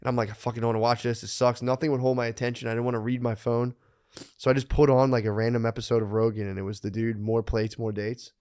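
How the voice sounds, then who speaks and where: A man in his thirties co-hosting a podcast, telling excitable, crude stories full of swearing. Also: medium pitch, fast talker, smooth. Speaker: podcast co-host. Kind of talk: casual chat.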